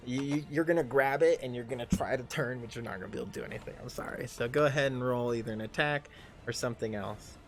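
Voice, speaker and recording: A man in his thirties running a tabletop game on a livestream, excitable and swearing constantly as he narrates and shouts battle cries. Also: medium pitch, fast, faint music behind. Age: 30s. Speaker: game master and player.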